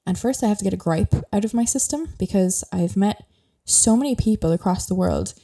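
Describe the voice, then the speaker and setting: A woman's voice: medium pitch, lively intonation, fairly quick, mellow. A young Irish woman hosting a podcast, chatting casually and rambling with lots of fillers. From Ireland. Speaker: podcast host. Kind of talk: casual solo podcast chat.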